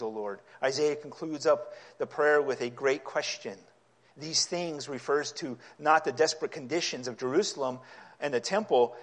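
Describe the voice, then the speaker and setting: A man preaching a sermon, reading scripture aloud and explaining it, his delivery growing impassioned until he is nearly yelling. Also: on the high side. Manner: impassioned, rising to yelling at times.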